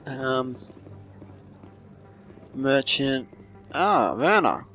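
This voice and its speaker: A man's voice: mid-range voice, very animated, extremely slow, fairly bright tone, faint music behind. A man giving casual, joking commentary while playing a game, rambling and unsure. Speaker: gamer.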